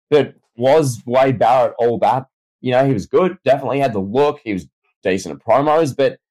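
Male co-host, conversational and questioning, average pitch, easy podcast banter. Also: a little mellow, rough recording. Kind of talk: casual wrestling discussion.

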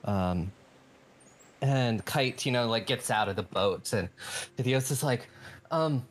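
A man's voice: medium pitch, unhurried. A man narrating a tabletop game as game master, hesitant, with many fillers and restarts.

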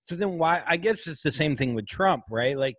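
A man's voice: on the high side, lively intonation, moderate pace, no echo. A man from the American South hosting a podcast, talking in a casual, rambling way, restarting his thoughts and laughing often. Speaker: podcast host.

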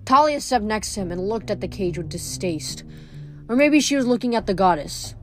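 A woman reading a novel aloud in a steady, expressive narration. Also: medium pitch, normal speed, soft background music. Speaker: audiobook reader.

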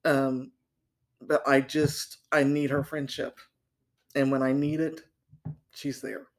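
An older woman guest speaking hesitantly, with many pauses and fillers. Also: extremely low pitch, level tone, a little hiss or hum. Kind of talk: interview conversation.

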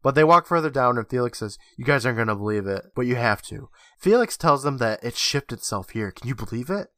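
A man's voice: medium pitch, brisk, no room sound. Male podcast co-host, casual recap with acted-out quotes, dry close sound. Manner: animated retelling, acting out lines.

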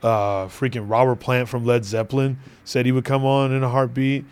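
A man's voice: mid-range voice, little pitch movement, normal speed, a little mellow, clear, resonant tone. A man hosting a podcast in loose, joking chat, laughing often and swearing freely. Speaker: podcast host.

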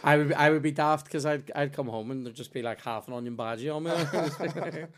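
A man's voice: on the high side, moderate pace. A man with a Northern Irish accent, hosting a podcast and telling stories in casual, swearing chat. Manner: swearing, storytelling, laughs often. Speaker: podcast host.

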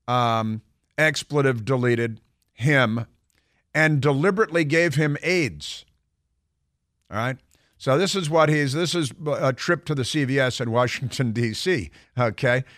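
A man's voice: medium pitch, fairly bright tone, no echo, clean studio sound. A man hosting a radio talk show, telling a long story in a rambling, digressive way with lots of fillers and restarts.

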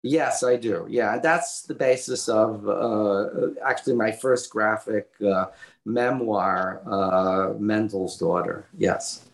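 A man's voice: on the low side, fairly even intonation, vocal fry, echoey room. Older guy telling a family story, lots of uhs and restarts, acts out the quotes. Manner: halting, many fillers and restarts, acts out quotes. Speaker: author and illustrator, interview guest. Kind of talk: conversational storytelling.

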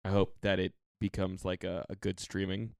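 A man's voice: low voice, moderate pace, vocal fry, clear, resonant tone, no echo. A man co-hosting a casual podcast at a studio mic, rambling loosely with many fillers. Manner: rambling, filler-heavy, relaxed. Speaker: podcast co-host. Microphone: studio microphone.

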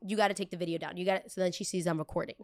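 A woman's voice: racing, no room sound. A young woman hosting a podcast, telling a story casually and acting out the argument in it with big jumps in her voice. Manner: animated, acts out quoted arguments with big pitch jumps. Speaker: podcast host.

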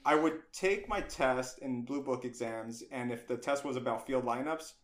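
A middle-aged man, a guest on an interview podcast, telling stories from his youth in a casual, animated way and acting out the voices of people he quotes. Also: medium pitch, normal speed. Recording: roomy echo.

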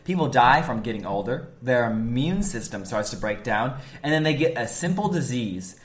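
A man's voice: mid-range voice, big pitch swings, moderate pace. Young man explaining his points in an echoey room. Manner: explaining point by point with frequent "right?". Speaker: podcast co-host. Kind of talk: casual faith podcast chat.

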